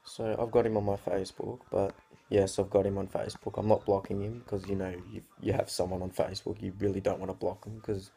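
A teenage guy rants to camera in loose, sweary, rambling talk. His voice sits low and gravelly. The tone is dark and mellow. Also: little pitch movement, a little fast. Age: teens. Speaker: vlogger. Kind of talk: casual rant to camera.

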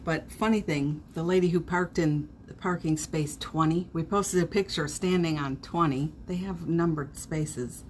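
A middle-aged woman chats through a morning live stream, greeting each viewer by name with gushing warmth. Her voice sits low and she talks at a slow, drawn-out pace. A faint hum of noise sits behind her. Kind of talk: casual live-stream chat.

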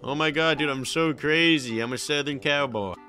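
A man's voice: fairly high pitch, normal speed, sharp tone, faint music behind. A young man co-hosting a gaming video, teasing his partner and joking in mock-cowboy talk. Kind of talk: casual gameplay commentary.

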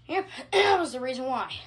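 A woman filming a casual home vlog on her phone, rambling excitably and swearing constantly as she shows off her fans. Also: high-pitched, breathy edge. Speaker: hobbyist vlogger showing her fans. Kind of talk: casual unscripted vlog commentary. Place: indoors at home. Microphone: phone camera held while filming.

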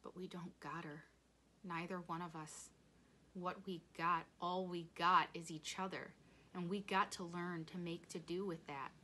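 A woman voicing a quiet, grieving father who speaks in hushed tones in a storybook reading. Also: lowish voice, steady tone, a little slow, a little hiss or hum. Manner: hushed, whispering.

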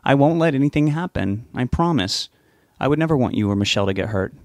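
A man's voice: mid-range voice, lively intonation, quick pace, darkish tone, dry recording, pitched above the performer's own voice, lightly acted. A man reading an audiobook, voicing an anxious, stubborn young man who talks in an earnest, pleading way. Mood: reassuring. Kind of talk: audiobook character voice.

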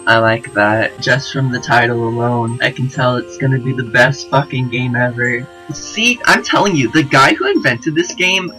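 A man's voice: mid-range voice, sharp tone, low-quality recording. A young man giving campy, dramatic comedic commentary while playing a game. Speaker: gaming YouTuber.

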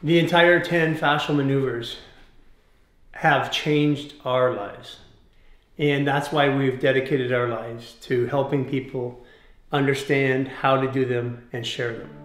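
A man leading a guided fascia exercise class, giving calm step-by-step cues and explaining as he goes. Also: medium pitch, slow pace. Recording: roomy echoey room.

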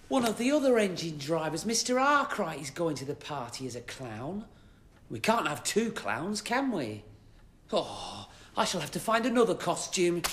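A man's voice: sits high, a bit bright, slight background noise, exaggerated voice. A man playing a cheerful, fussy engine driver in a children's show, talking to viewers with exaggerated expression. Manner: exaggerated, chatty, addresses viewers. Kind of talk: children's TV acting.

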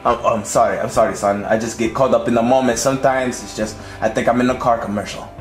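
A man's voice: mid-range voice, steady tone, quick pace, faint music behind, pitched below the performer's own voice, natural voice. A man voicing an older pirate-talking dad with a growly, hearty manner. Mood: sheepish. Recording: roomy echo.

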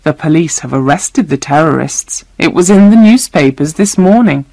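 A woman's voice: low-pitched, animated, normal speed, dark tone, dry recording. A woman reading a storybook voices a cold, violent male terrorist who speaks curtly. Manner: cold and curt.

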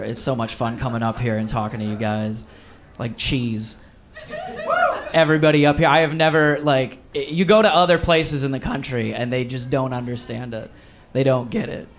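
Upbeat comedian telling a story. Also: male voice, medium pitch, moderate pace. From Wisconsin. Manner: animated storytelling with acted voices. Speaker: stand-up comedian. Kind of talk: stand-up comedy set. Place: live comedy venue. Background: audience laughter.

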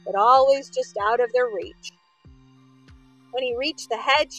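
A woman reading a children's story aloud in an expressive way, with asides to her listeners. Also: sits high, breathy edge, dry recording, rough recording.

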